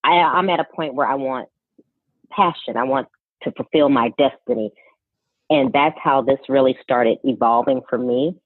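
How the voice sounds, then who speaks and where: A woman's voice: a bass voice, moderate pace, no echo. A woman in her forties hosting a podcast interview, affirming her guest often. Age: 40s. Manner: warm affirming listener, frequent mm-hmms. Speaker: podcast host. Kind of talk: conversational interview. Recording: dry tinny phone-line sound.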